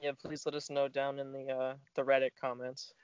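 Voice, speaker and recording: A man's voice: medium pitch, completely flat delivery, brisk, clean tone, dry recording. A man in his twenties co-hosting a podcast in casual chat, playful and jokey. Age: 20s. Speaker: podcast co-host. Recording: dull, dry podcast mic audio.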